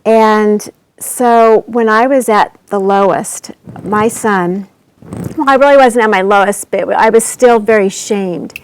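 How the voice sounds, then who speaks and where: A woman hosting a faith livestream, telling a personal story in an animated way and acting out the voices she quotes. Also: mid-range voice, slow, slight background noise. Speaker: summit host.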